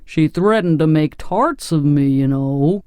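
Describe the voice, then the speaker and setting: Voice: mid-range voice, expressive, unhurried, a little mellow, dry recording, lightly acted. A timid pumpkin-headed wooden man frets plaintively, voiced by an audiobook narrator. The sound is dry and close. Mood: fearful. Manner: fearful, plaintive.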